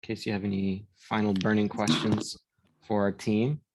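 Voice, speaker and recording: A man hosting an online library workshop, relaxed as he thanks the presenters and wraps up. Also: fairly low pitch, normal speed, background noise. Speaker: library program host. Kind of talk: closing a live online workshop.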